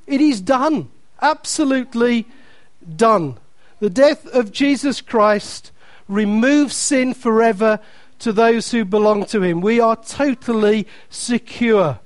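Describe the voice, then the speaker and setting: A man's voice: extremely high pitch, slow pace, no room sound. A man preaching a sermon, emphatic and repeating key phrases, reading scripture aloud with playful asides to the congregation.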